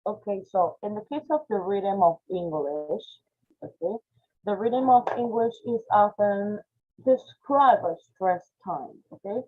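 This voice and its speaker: A woman's voice: medium pitch, measured pace. A woman with a Spanish accent teaching an online phonetics class, explaining step by step and checking in with "okay?" after nearly every point. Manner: explanatory, frequent "okay?" check-ins and "eh" fillers. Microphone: video call. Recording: tinny phone-like video call audio.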